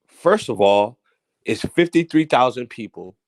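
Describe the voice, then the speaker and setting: A male host riffs on current events in a casual, teasing, theatrical style, swinging from loud outbursts to hushed asides. His medium-pitched voice is animated but unhurried.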